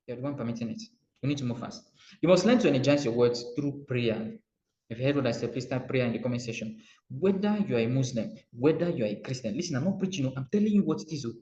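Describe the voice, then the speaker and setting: A Nigerian man giving a motivational coaching talk, animated and repetitive, acting out little dialogues as he speaks. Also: medium pitch, fast talker, a little hiss or hum. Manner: animated, acts out dialogue, repeats phrases. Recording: roomy muffled recording.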